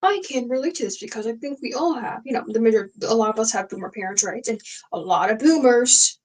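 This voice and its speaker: A young woman with a slightly high voice talks quickly on a casual late-night livestream she hosts. She's frank and rambling, full of fillers and restarts, and the recording is rough.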